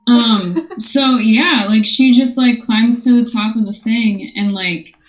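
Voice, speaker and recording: A woman in a tabletop game, talking slowly and casually. Her voice sits fairly high, her lines loose with fillers. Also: poor audio. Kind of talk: tabletop game role-play.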